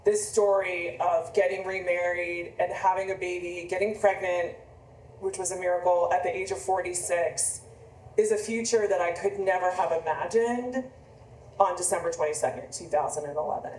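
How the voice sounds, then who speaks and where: A woman's voice: on the low side, fairly even intonation, normal speed, a little mellow, slight background noise. A woman in her fifties, an author, telling a personal story in a rambling, conversational way with frequent restarts. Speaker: author on book tour. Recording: echoey room, mic from a distance.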